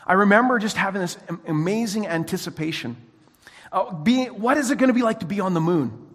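A male pastor delivers a sermon in an animated storytelling way, often restarting his sentences. His voice sits high and has a husky edge. The sound carries a long reverb, as if recorded in a church hall. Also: brisk.

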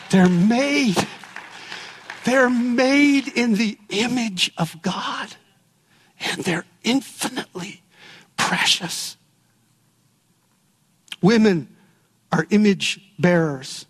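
A male pastor with a high, light voice delivers a sermon at an unhurried pace. He tells stories and leans on key words with deliberate pauses. His voice rings out with a long reverb, as if recorded in a large sanctuary. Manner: preaching with storytelling and emphatic pauses.

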